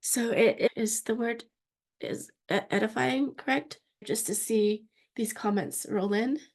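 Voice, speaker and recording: A woman's voice: fairly high pitch, measured pace. A woman co-hosting a casual podcast as practice manager, talking in an effusive, gushing way with frequent restarts.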